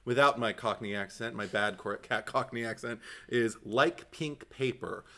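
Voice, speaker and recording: Guy cohosting a podcast, bright edgy voice, lots of uhs and restarts, laughs a bunch. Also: medium pitch. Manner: halting, many fillers and restarts, laughs often. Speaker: podcast co-host. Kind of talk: casual chat.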